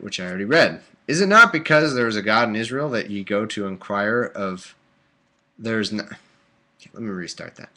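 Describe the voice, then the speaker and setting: A man's voice: fairly low pitch, moderate pace, pushed and bright. A man casually reading aloud on a live stream, breaking off for sleepy, joking asides. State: drowsy. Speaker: host reading and commenting. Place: warm room at home.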